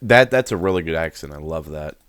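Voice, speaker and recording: A man's voice: very deep voice, animated, a little fast, over music. A man hosting a reaction video, exclaiming and swearing freely as he muses aloud in casual commentary.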